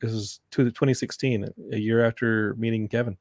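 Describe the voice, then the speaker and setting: A man hosting a casual podcast chat, telling animated stories about his family and film sets. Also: on the low side, fairly quick, no room sound, clean studio sound. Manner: animated storyteller, mimics his mom. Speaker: podcast host and filmmaker.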